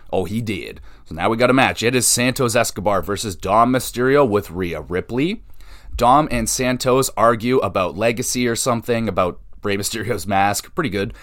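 A man hosting a podcast, casually recapping wrestling shows, excitable and swearing freely. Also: fairly low pitch. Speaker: podcast host.

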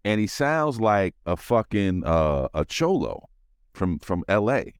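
A man with a lowish voice hosts a podcast and tells stories in a profane, animated way. The recording is dry and close. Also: unhurried, smooth, no echo. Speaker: podcast host. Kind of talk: casual chat.

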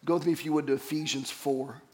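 Man, pastor, sermon in a church, earnest storytelling, fairly high voice. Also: fairly even intonation, fast, a little mellow. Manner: earnest, storytelling, calls for congregation responses.

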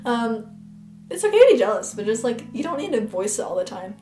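A young woman co-hosting a casual podcast chat, retelling a story in a giggly, animated way with quoted voices. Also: on the high side, a little fast, reverberant, over music. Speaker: podcast co-host.

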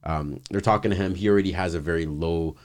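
A man's voice: low voice, fast talker. A young man hosting a podcast in casual chat, laid-back, often mimicking people he talks about. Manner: laid-back, retells clips in mocking voices. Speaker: podcast host.

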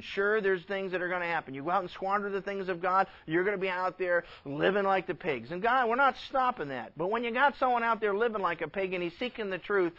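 A man preaching a sermon as a pastor, earnest and emphatic, sometimes dropping to a hush. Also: high-pitched, dull audio.

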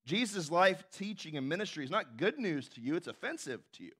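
A man's voice: a little high, big pitch swings, brisk, fairly bright tone, husky. A man preaching a sermon as pastor, emphatic and asking the congregation questions.

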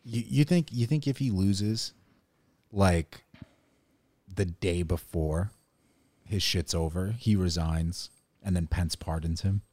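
A man's voice: deep voice, slow pace, pauses often, a little mellow. A young man co-hosting a podcast, talking in a casual, emphatic way, swearing often and saying "dude" and "right?" again and again. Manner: emphatic, profane, says "dude" and "right?" constantly. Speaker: podcast co-host. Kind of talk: casual chat.

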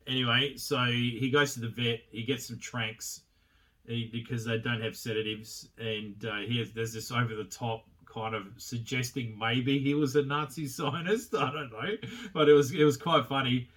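A man's voice: mid-range voice, steady tone, moderate pace, fairly bright tone, recorded from a distance. A man with a mid-range voice talks his way through a film review in a loose, offhand manner. He rambles, swears freely and leans on fillers as he goes. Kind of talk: casual spoken film review.

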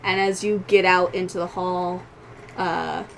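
A woman narrating as game master, describing scenes slowly and deliberately and often laughing. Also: on the low side, flat delivery, vocal fry, a little hiss or hum, rough recording.

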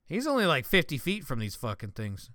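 A man's voice: medium pitch, wildly swooping pitch, a little fast, bright, forceful tone, no echo, clean studio sound. A young man hosting a casual podcast, reading news headlines and joking crudely between them. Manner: crude joking, reads headlines aloud with asides. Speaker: podcast host.

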